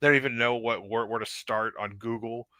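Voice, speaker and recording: A man co-hosting a casual postgame livestream, talking fast and loose with lots of swearing and laughter. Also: mid-range voice, dry recording. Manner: animated, swearing, laughing, mimicking people. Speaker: livestream co-host.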